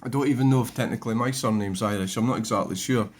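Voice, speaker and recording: A man talks through updates on his own channel in a loose, digressive way, tossing in dry asides as he goes. His pitch sits in an ordinary middle range. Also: fast talker, slightly rough. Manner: rambling, wry, digressive. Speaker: vlogger. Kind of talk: casual commentary on own channel.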